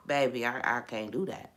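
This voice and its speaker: A young woman hosting a podcast, talking in a relaxed, conversational way about faith and sometimes dropping into a hushed voice when she tells a story. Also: very deep voice, unhurried, background noise. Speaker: podcast host. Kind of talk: casual spiritual talk.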